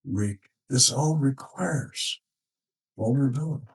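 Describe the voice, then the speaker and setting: A man working as a relationship counselor, speaking in a slow, measured, reflective monologue with thoughtful pauses. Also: medium pitch, expressive, far from the mic, poor audio.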